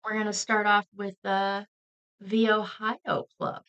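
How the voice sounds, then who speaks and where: Brief: podcast co-host, woman, creaky voice, mid pitch, chatty and relaxed. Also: slow, dull audio. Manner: chatty, relaxed, with frequent fillers. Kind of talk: casual podcast chat.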